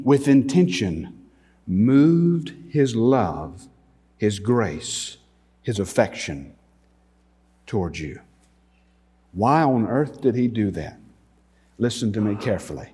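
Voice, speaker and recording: A man preaching a sermon as pastor, slow and emphatic, pausing often and swelling in volume on key words. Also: medium pitch, dark tone. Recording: long hall reverb.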